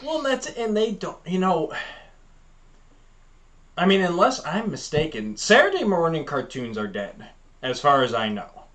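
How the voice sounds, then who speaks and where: A man's voice: on the high side, measured pace, pauses often. Man rambling through childhood memories. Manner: rambling, animated storytelling with fillers. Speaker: podcast co-host. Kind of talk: casual chat.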